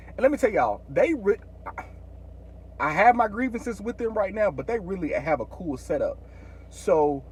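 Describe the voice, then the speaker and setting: A man's voice: fairly high pitch, husky. A man vlogging, casually retelling a frustrating errand in a chatty way, full of "like" and reported dialogue. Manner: chatty, retells conversations with many fillers. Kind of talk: casual storytelling.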